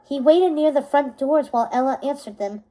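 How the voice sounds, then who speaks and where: A woman reading a novel aloud as narrator, steady and unhurried, now and then correcting a word. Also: high voice, rough recording.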